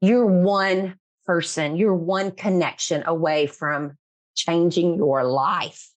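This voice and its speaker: Slow-paced and fairly even in intonation, this voice sits on the low side for a woman. She is a middle-aged podcast host leading an emotional interview chat, talking earnestly and emphatically, often laughing and repeating herself for emphasis.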